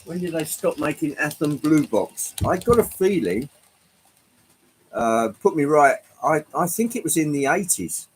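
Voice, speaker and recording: A man's voice: a little high, expressive, a little slow, slightly rough, rough recording. A man hosting a casual livestream, chatting to viewers in a rambling, hesitant way with frequent ums, from Britain. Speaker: livestream host. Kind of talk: casual chat with live chat viewers.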